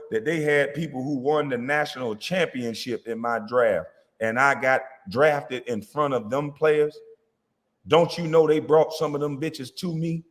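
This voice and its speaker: A man's voice: mid-range voice, in a large hall. Furious profane man ranting. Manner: heated, profane, confrontational. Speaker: former basketball player responding to critics. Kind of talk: angry rant.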